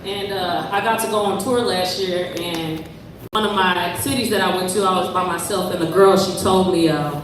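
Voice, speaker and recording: A woman's voice: on the low side, moderate pace, noisy background. A woman performing spoken word poetry live on stage, moving from rhythmic poetic lines to loose, casual talk with the crowd. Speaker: performing poet. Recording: very echoey room, voice from far off.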